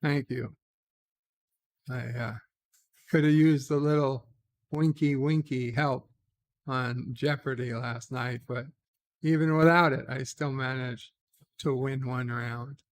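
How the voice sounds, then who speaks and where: Late at night, a man hosts a casual live stream, reading viewer comments aloud and answering them offhand with frequent "uh" hesitations. His medium-pitched voice is fairly even in intonation, and he speaks slowly with long pauses.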